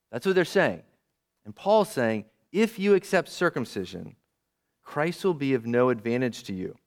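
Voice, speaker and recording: A male pastor preaching a sermon in an emphatic, conversational way, asking his listeners questions as he teaches. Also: a little high.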